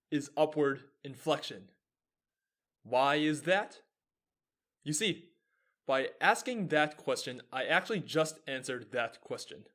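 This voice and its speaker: An earnest young man in his twenties delivers a scripted explainer as the host of his own show. His voice sits a little on the high side, and he sets up rhetorical questions only to answer them himself. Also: a bit bright.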